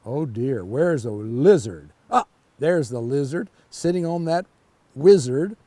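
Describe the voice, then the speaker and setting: An older man reading a children's picture book aloud, pausing to chat about the pictures. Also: medium pitch, dry recording. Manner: slow, lively storytelling with asides about the pictures. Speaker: storytime reader.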